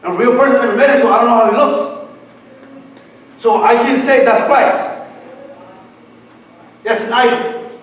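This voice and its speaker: A man preaching his personal testimony in a church, halting and repeating words, with broken English grammar. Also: very high-pitched, fairly even intonation. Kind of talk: sermon testimony. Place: church hall. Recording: echoey hall from far off.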